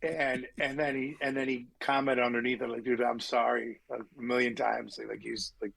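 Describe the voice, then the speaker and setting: A middle-aged man with a gravelly, husky voice tells tour stories on a podcast. He is animated and swears freely, and he acts out the people he quotes. The sound is dry and close. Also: mid-range voice, normal speed, dry recording, poor audio. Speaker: touring musician, podcast guest. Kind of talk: casual storytelling chat.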